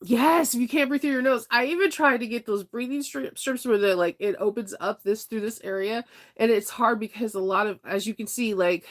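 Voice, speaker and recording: A young adult woman with a sinus infection, chatting casually on a live stream, animated and laughing as she answers her viewers. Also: a little high, a little fast. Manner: animated, laughing, talks to chat by name. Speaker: vlogger reading live chat.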